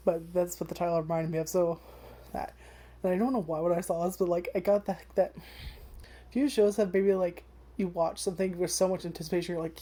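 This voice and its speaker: Mellow-voiced woman rambling about anime. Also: fairly low pitch, flat delivery, moderate pace. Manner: rambling, swears freely, many fillers. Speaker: anime vlogger. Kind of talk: casual first-impressions chat.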